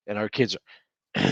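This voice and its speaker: A man in his thirties chats on a podcast and spins animated stories about his kids, laughing easily. His voice sits at a middle pitch. The sound is dry and a bit dull, like a lo-fi home setup. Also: gravelly, husky, no echo. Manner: animated storyteller, laughs often. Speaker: podcast co-host. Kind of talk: casual podcast chat.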